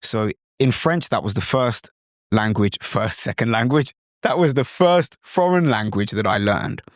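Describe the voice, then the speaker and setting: A British man hosts an instructional podcast, explaining things in a lively, demonstrative style and occasionally slipping into mimicked accents. His voice is mid-range and measured, captured in a dry, clean studio recording.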